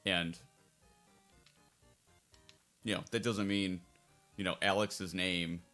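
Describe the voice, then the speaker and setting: A man's voice: low-pitched, fairly even intonation, slow, pushed and bright, soft background music. A man casually commentating over a game playthrough as its fan translator, rambling and circling back on his points. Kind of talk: casual let's-play commentary.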